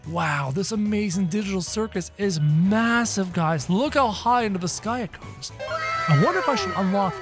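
A young man hosting a gaming channel, giving excited gameplay commentary and narrating every move to viewers. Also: high-pitched, normal speed. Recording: faint game music behind.

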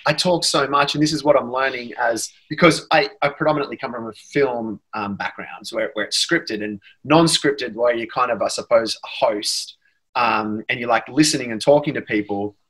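An Australian man speaks at a mid pitch with a husky edge, rambling on and poking fun at himself. He talks as a guest in a relaxed podcast chat. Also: normal speed, low-quality recording. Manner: rambling, self-deprecating. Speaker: guest actor. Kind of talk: casual chat.

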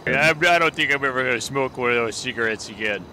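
A man's voice: medium pitch, fast talker, pushed and bright, a little hiss or hum, rough recording. A man voicing a folksy, easily flustered male gas station clerk in a game role-play. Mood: shaken, queasy.

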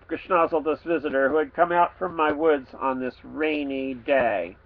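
Guy reading his own kids book, playful, kinda high voice, sounds like over a phone. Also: moderate pace, few pauses, narrow, tinny audio. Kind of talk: storybook read-aloud.

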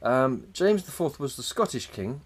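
A man's voice: mid-range voice, big pitch swings, normal speed. A man co-hosting a podcast, rambling loosely through a story and swearing casually as he goes. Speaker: podcast co-host. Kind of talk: casual boozy banter.

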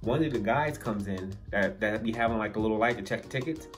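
A man's voice: on the low side, fast talker, soft background music. A young adult man telling a funny personal story to camera in a casual, slangy way, laughing as he goes. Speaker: storyteller vlogger. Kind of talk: casual story-time monologue.

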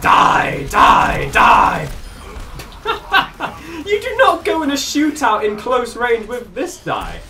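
A streamer giving excitable live commentary on a shooter game, yelping, swearing and laughing often. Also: mid-range voice, slow, distant mic, faint music behind.

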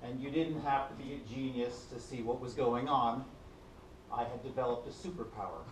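A man telling a personal story on stage to a live audience, wry and self-mocking, with dramatic pauses and small restarts. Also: medium pitch, a bit bright, reverberant, distant mic, a little hiss or hum, poor audio. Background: audience laughter.

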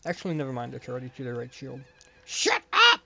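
A young man playing a video game with friends, playful and given to loud outbursts. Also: mid-range voice, fairly even intonation, rapid-fire, gravelly. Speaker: let's play gamer. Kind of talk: casual gaming banter.

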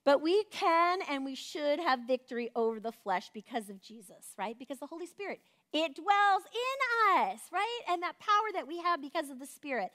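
A high-voiced woman leads a Bible study in a loose, conversational teaching style. She talks with animation and keeps checking in with her listeners. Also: normal speed. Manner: conversational, animated, often asks "right?". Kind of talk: casual teaching.

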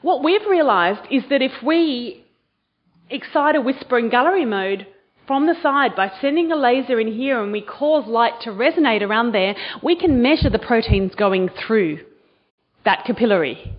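A woman's voice: fairly high pitch, lively intonation, moderate pace, breathy edge. Woman lecturer, upbeat, teaching style, slightly muffled lecture recording. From Australia. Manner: enthusiastic, quizzes the audience. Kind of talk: university lecture to students. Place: lecture hall.

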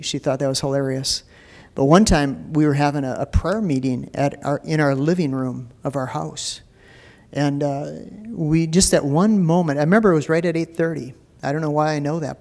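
A man's voice: fairly high pitch, darkish tone. A man pastor giving a sermon, telling a story from his life and then preaching with rising emphasis, often repeating words as he starts a phrase.

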